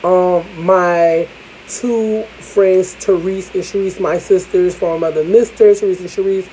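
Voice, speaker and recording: Candid chatty vlogger with a mellow tone. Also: mid-range voice, steady tone, a little slow, a little hiss or hum, poor audio. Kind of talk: casual storytelling vlog.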